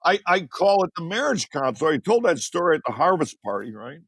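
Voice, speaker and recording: A man in his sixties from Chicago, a podcast guest telling rambling, animated stories. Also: fairly high pitch, brisk, slight background noise. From Chicago, USA. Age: 60s. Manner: animated, rambling, repeats words. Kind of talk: casual storytelling interview. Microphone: podcast mic.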